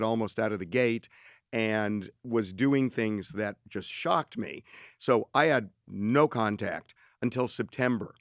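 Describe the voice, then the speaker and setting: A man in his sixties co-hosting a talk show, telling a story in an animated way and quoting others. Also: mid-range voice, no room sound, studio quality. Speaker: co-host.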